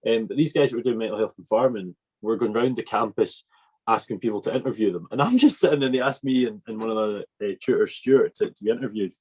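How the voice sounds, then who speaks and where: A man's voice: fairly low pitch, expressive, fast talker, darkish tone, breathy edge. A man, hosting a podcast in an enthusiastic, rambling chat. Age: 20s. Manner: enthusiastic and rambling, with many fillers. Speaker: podcast host. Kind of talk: casual chat.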